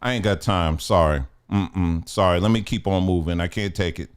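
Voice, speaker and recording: A man's voice: low voice, normal speed, smooth. A man hosting a casual commentary show, talking in a blunt, emphatic, colloquial way.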